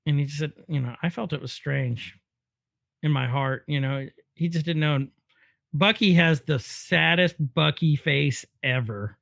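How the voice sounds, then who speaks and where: A man in his thirties co-hosting a casual podcast, animated, laughing easily and admitting he tears up at films. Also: on the high side, unhurried, vocal fry, dry recording, clean studio sound. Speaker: podcast co-host. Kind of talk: casual chat.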